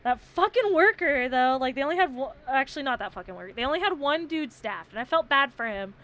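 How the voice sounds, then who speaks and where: A woman's voice: high voice, expressive, fast talker, fairly bright tone. Giggly young woman telling stories. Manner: giggly, swearing storyteller. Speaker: streamer co-host. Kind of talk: casual chat.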